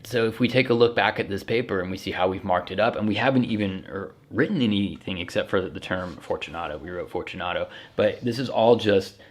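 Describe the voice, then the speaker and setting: A man, a young adult, explaining a text like a teacher in a casual, relaxed way, thinking aloud as he goes. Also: low-pitched, a little fast, few pauses. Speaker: English teacher. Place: home.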